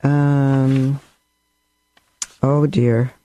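A man's voice: medium pitch, level tone, very slow. A man giving a rambling spiritual talk, telling stories with asides. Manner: storytelling, warm and rambling with asides. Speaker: religious teacher.

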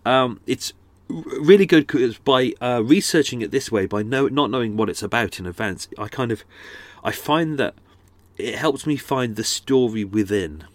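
A man speaks at a normal pace in an expressive, medium-pitched voice while hosting his podcast on a houseboat, sounding slightly stuffy-nosed. He chats in a meandering way, frequently restarting and veering into asides. A studio microphone held close captures a dry recording.

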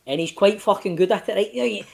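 A Glasgow-accented actor in his late thirties, appearing as a podcast guest, tells a lively, profane story and performs the quotes with wide pitch swings. He speaks fast, with noticeable vocal fry.

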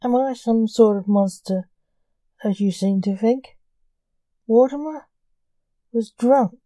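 A man's voice: very high-pitched, slow pace, mellow, no room sound. A woman voicing a famous male stage illusionist who grows defensive and frightened under a caller's threats.

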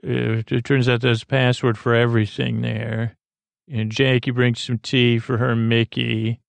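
A man hosting a bedtime podcast, retelling a TV episode in a meandering, halting way full of ums and restarts. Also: flat delivery, gravelly, dry recording. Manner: low-key, unhurried. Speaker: podcast host.

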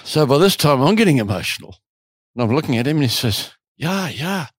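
A man telling stories at an easy, animated pace, his voice mid-pitched. The sound is dry and intimate, with no room to speak of. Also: quick pace, no room sound. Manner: animated, lively storyteller. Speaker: retreat owner telling stories. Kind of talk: casual storytelling interview.

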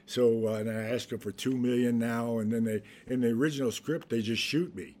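A man's voice: mid-range voice, a little fast. An older man, an actor being interviewed, telling stories with lots of restarts and laughter, acting out the voices he quotes. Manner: animated storyteller, acts out quotes, laughs often, many restarts. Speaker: actor guest. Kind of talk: anecdotal interview storytelling.

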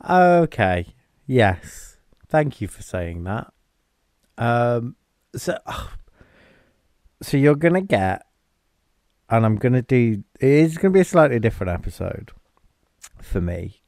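A man's voice: mid-range voice, very animated, slow pace, long pauses, darkish tone, no room sound, studio quality. A man co-hosting a film podcast, chatting casually with wry asides and thinking-aloud fillers. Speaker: podcast co-host.

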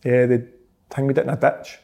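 A man's voice: medium pitch, normal speed, creaky. Scottish guy telling a wild story, laughs a lot, does everyones lines. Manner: animated, laughs often, acts out quotes. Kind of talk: casual storytelling.

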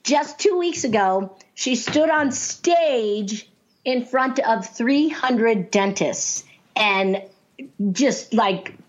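A woman speaking coach telling stories in casual talk, lively and laughing often as she acts out the voices she quotes. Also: on the high side, extremely slow. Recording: dull lo-fi sound.

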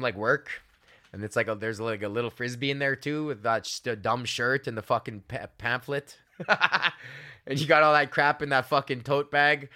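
A man's voice: medium pitch, bright, forceful tone. A young man hosting a podcast, telling casual stories in a loose, profane, filler-heavy way. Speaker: podcast host. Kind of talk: casual rambling monologue.

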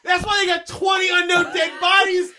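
A man co-hosting a casual podcast, retelling movie scenes and swearing a lot, bursting into shouts and laughter as he acts out the lines. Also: very high-pitched, monotone, normal speed, noisy background. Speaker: podcast co-host. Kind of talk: casual movie-recap chat.

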